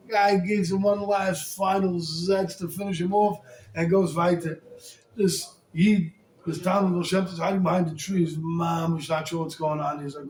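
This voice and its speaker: A male rabbi telling a story in a sermon, in an animated, colloquial way with Hebrew and Yiddish terms woven in. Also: high-pitched, moderate pace, a little hiss or hum. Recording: echoey room, faint ambience.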